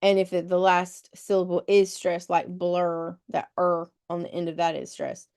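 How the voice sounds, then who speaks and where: With a lowish, slightly mellow voice that is clear and resonant, a woman teaches a live test-prep webinar at normal speed and with a flat delivery. She patiently explains rules step by step, spelling out words letter by letter.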